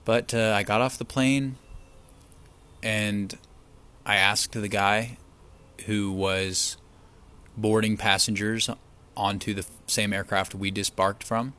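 Brief: male vlogger, lowish voice, casual chatty storyteller, eats between lines. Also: slow, pauses often, smooth. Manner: chatty, relaxed, acts out quoted people. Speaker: vlogger eating on camera.

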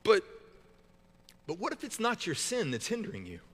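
A man's voice: high-pitched, huge pitch swings, moderate pace, long reverb tail. A man preaching a sermon as pastor, talking in a casual, joking way with frequent stumbles and restarts. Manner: conversational and joking, with many repeated restarts.

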